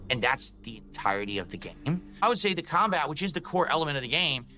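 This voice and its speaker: A man's voice: fairly high pitch, big pitch swings, fast talker, pushed and bright. A man, a gaming streamer, ranting angrily about games he played, swearing often and sounding fed up. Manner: angry, swearing, exasperated rants. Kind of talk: ranting game review over gameplay clips.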